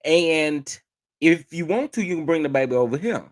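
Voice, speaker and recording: A man's voice: a little high, lively intonation, normal speed. A man hosting a reaction commentary, talking back at a played call, incredulous and exclaiming, repeating lines for emphasis. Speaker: commentary vlogger.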